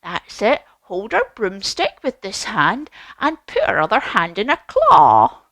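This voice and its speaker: A woman leading a children's yoga class as a story, animated and encouraging, with gasps and questions. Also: mid-range voice, a little slow, no echo. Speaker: kids yoga teacher.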